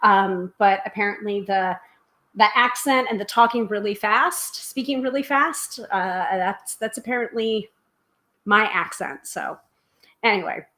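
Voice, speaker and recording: On her tarot live stream, a woman from the United States chats quickly and casually, using many filler "um"s and reading comments from viewers aloud. Her mid-range voice sounds pushed and bright.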